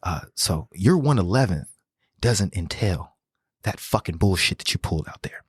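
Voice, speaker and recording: A man imitating a stern head coach who speaks quietly, flat and calm, with cold understatement. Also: lowish voice, extremely slow, breathy edge, dry recording, clean studio sound, heavily acted. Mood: cold warning.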